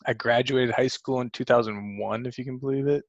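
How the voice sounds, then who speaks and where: His medium-pitched voice is steady, creaky, and a little fast, captured in a dry, lo-fi video call recording. The late-30s senior manager from Fargo, North Dakota, still groggy from the morning, rambles chattily through his work webinar with many fillers and restarts.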